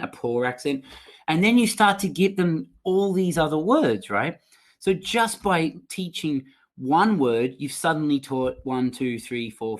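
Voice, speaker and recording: A man running a live online training session for language teachers, reading out and reacting to chat answers in an upbeat way over a computer mic. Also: mid-range voice.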